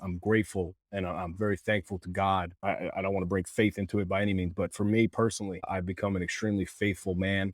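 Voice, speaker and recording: Guy with a lowish voice telling a heavy story, earnest, lots of ums, dry close sound. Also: no echo. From Canada. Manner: emotional, earnest, frequent fillers and restarts. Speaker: podcast guest. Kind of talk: candid storytelling.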